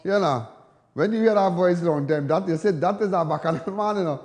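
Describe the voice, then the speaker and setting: A man's voice: sits high, fairly quick, a little mellow, in a large hall. A Trinidadian man hosting live television talk, emphatic, repetitive and defiant. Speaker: TV host.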